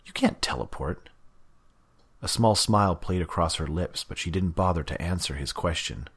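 A man narrating an audiobook in a steady, even reading. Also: sits low, brisk, breathy edge.

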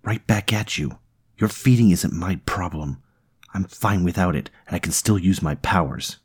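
A man's voice: low voice, animated, normal speed, husky. A man playing a tense, irritable young man. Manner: tense, irritable, pushing his voice up. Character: tormented, short-tempered young man.

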